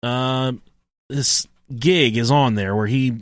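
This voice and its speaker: A man's voice: mid-range voice, slow, clear, resonant tone, no room sound, clean studio sound. A man co-hosting a podcast in crude, casual banter, profane and joking as he tells stories. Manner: profane, joking, lively storytelling. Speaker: podcast co-host.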